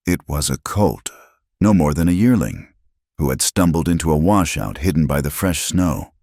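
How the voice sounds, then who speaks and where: A man narrating a scripted western tale in a measured, dramatic reading style. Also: sits low, darkish tone, no room sound, clean studio sound.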